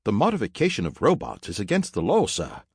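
A stammering, prim robot servant. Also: male voice, on the low side, huge pitch swings, brisk, husky, dry recording, clean studio sound, pitched above the performer's own voice, full character voice. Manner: stammering, formal and proper. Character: stuttering, glitchy male robot servant.

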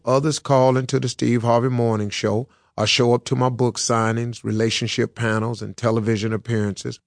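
A man reads his own book aloud, in an earnest and personal storytelling manner. His voice sits at a middle pitch. The sound is close and dry, with no room around it. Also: vocal fry, no room sound. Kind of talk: audiobook narration. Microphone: close studio mic.

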